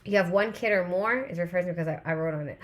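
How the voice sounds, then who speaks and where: Speaking fast in a fairly low-pitched voice, this thirty-something woman runs a live stream. She chats and rambles, reading out comments from her viewers as they come in.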